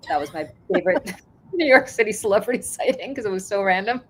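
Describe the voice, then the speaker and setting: Animated woman host telling stories. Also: medium pitch, fast, husky. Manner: animated storytelling, swears freely. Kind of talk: casual chat.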